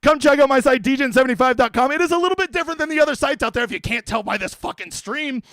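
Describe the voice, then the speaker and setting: Brash, out-of-breath high-voiced man. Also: rapid-fire, noisy background. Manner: loud, brash and profane. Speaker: daily fantasy golf streamer. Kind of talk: hyped comedic stream talk.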